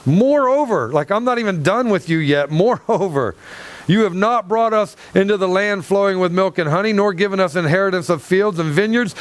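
A man preaching through a Bible passage, excitable and acting out the dialogue. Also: high voice. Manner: excitable, acts out scripture dialogue, laughs often. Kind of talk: animated Bible teaching.

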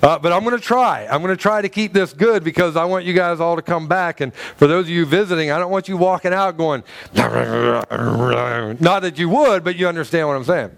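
Middle-aged male pastor, casual joking sermon delivery, slightly high voice. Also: fast, few pauses, smooth. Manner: chatty and joking, with many restarts and laughs.

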